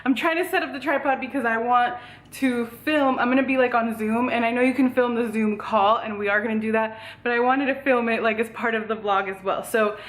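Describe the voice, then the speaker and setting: Excited girl vlogging, a bit out of breath, kinda high voice, echoey room. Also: a little fast. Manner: bubbly and rambling, heavy "like" and "um". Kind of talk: casual vlog chat. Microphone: camera on a tripod.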